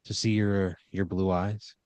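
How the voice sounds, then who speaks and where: A man's voice: low voice, little pitch movement, measured pace, darkish tone, no room sound. A man improvising a second-person story as a podcast storyteller, rambling with uhs and restarts.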